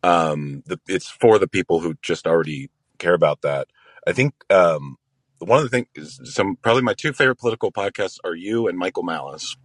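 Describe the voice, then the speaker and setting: A man calls in to a podcast and talks casually, rambling and halting with frequent fillers. His voice is very low, and the recording is dry with no room sound. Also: no room sound. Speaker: caller. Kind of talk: casual chat.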